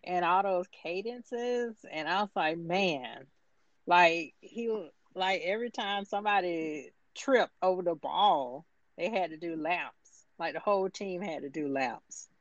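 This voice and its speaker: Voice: medium pitch, a little slow, no room sound. A speaker in casual conversation, animatedly retelling movie scenes and laughing often. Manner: animated storyteller, acts out quotes, laughs often. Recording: dull lo-fi recording.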